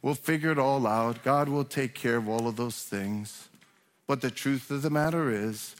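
A man's voice: medium pitch, normal speed. A man preaching a sermon as pastor, talking conversationally with restarts and building to emphatic points. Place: church sanctuary. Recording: long hall reverb.

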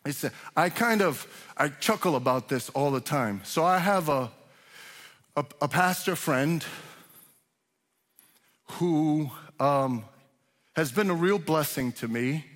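A pastor delivers a sermon, his voice sitting a little high for a man. He talks loosely with restarts, then presses his points harder. The sound carries a long reverb from the hall around him. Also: animated, takes it slowly, long pauses, a bit bright. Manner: conversational preaching with restarts, rising to emphatic. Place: church sanctuary.

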